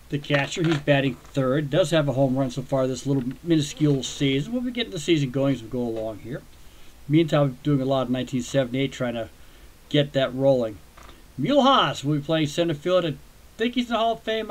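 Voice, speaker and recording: A man's voice: fairly high pitch, animated, brisk. A man hosting a baseball video game session, chatting casually with viewers and rambling into self-deprecating asides.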